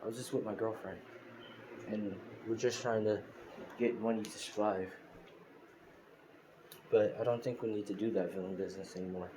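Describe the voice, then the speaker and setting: A man's voice: on the low side, steady tone, moderate pace, long pauses, noisy background, close to an everyday voice. A man voicing a confused, troubled young hero. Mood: lost, hesitant.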